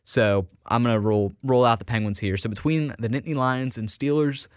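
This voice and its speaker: A man co-hosting a sports talk radio show, giving opinions quickly with frequent restarts. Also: medium pitch, fairly even intonation, smooth, dry recording, studio quality.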